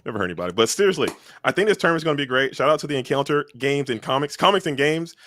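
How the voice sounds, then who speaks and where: A man's voice: medium pitch, lively intonation, very fast, a bit bright, a little hiss or hum. A man casting a card game stream, talking with enthusiastic hype. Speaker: stream caster. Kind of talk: casual commentary.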